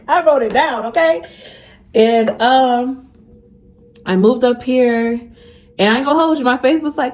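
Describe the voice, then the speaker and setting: A young faith vlogger talks to her viewers in a casual, heartfelt way, her high voice expressive and darkish in tone. She speaks a little slowly with long pauses, repeats phrases for emphasis, and grows emotional when discussing her faith.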